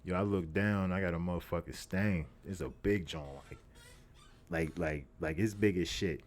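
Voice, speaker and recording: A man's voice: sits low, fairly even intonation, normal speed. A young man, hosting a podcast and telling a story in a profane, repetitive, streetwise way. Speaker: podcast host. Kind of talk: casual storytelling monologue.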